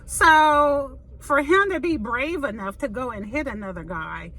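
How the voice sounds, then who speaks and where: A woman hosting an opinion commentary, talking bluntly and emphatically, often pausing to ask "okay?". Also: high voice, animated, pushed and bright, rough recording. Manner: blunt, emphatic, repeats "okay?" to drive points. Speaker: commentary host.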